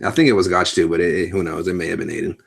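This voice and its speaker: Husky, laid-back lower-voiced man. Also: steady tone, rapid-fire. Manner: laid-back, agreeable, laughs often. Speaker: podcast co-host. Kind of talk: casual wrestling podcast chat.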